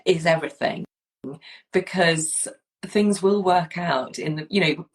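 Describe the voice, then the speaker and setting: A woman's voice: lowish voice, unhurried, low-quality recording. A woman, hosting a casual chat and telling a story with many restarts and asides. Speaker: podcast host.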